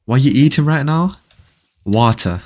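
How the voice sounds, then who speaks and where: A man's voice: mid-range voice, lively intonation, moderate pace, a little mellow. A young man, streaming a game live and reading viewer chat aloud, teasing and bantering with his audience. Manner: joking banter, teasing viewers, frequent laughs.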